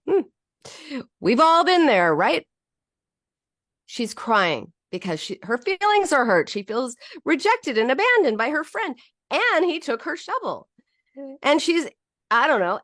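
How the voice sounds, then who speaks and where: A woman's voice: on the high side, no echo, studio quality. A woman psychologist hosting a talk, explaining feelings in a casual teaching monologue and acting out quoted voices. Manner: animated, acts out quoted voices, frequent restarts. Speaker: psychologist and podcast host.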